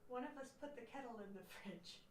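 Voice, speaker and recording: A woman's voice: fairly high pitch, fast talker, crowd noise, low-quality recording. A woman chatting casually and amused with her housemate. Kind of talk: casual chat.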